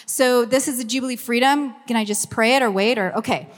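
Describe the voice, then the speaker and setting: In a church meeting room with a hall's long reverb, a ministry communications director from Los Angeles, USA, speaks chattily to the gathering before leading a prayer. She's in her fifties, has a Southern Californian Valley Girl accent, and her voice sits on the high side with a brisk pace. Her manner is bubbly and effusive, peppered with "like".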